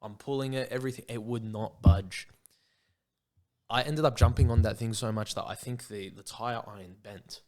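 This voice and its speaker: A man's voice: medium pitch, steady tone, moderate pace, darkish tone. Rambling Australian man telling a story. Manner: rambling anecdote, peppered with "bro" and acted-out quotes. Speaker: podcast co-host. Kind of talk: casual storytelling chat.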